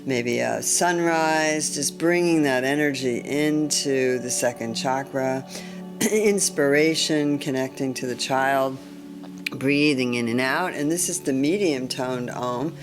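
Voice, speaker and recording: A woman leading a guided chakra meditation in a calm, gentle way, often clearing her throat. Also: rumbling low, takes it slowly, over music. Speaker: meditation teacher.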